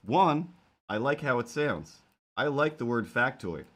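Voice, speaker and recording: A man's voice: medium pitch, expressive, unhurried, fairly bright tone. A man rambling playfully on a live stream while he draws. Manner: rambling, playful, talks to imaginary cats. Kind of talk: casual live-stream chat while drawing.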